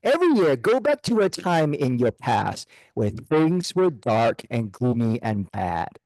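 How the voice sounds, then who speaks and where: A middle-aged man giving a motivational talk to a club, animated and chuckling at himself. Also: mid-range voice, unhurried, no echo, poor audio. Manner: animated, chuckling, self-deprecating. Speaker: guest speaker. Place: club meeting room.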